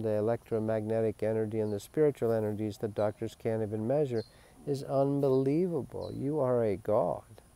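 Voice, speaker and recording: A man giving a spiritual webcast monologue, emphatic and rambling, swinging from loud declarations to hushed asides. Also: medium pitch, clean tone. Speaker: spiritual teacher.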